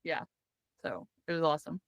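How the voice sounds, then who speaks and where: Chatty woman with a low voice. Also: animated, brisk, no echo. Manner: chatty storyteller, laughs often. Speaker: podcast host. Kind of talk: casual podcast chat.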